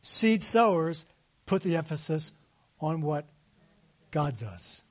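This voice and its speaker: A man in his sixties telling a personal story in a sermon, animated and laughing at himself. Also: fairly high pitch, slow. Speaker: speaker at a faith gathering.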